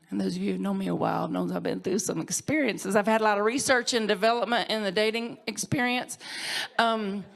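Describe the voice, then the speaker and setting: A woman's voice: mid-range voice, creaky. A woman minister giving an emotional award tribute, heartfelt and tearful, laughing at times and sometimes dropping to a whisper. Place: conference hall stage.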